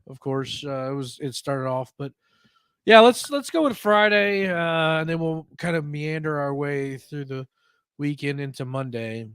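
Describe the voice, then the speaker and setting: A man's voice: on the high side, unhurried, a bit bright, clear, resonant tone, no room sound, studio quality. A man hosting a casual wrestling chat podcast, often stammering and restarting his sentences. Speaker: podcast host.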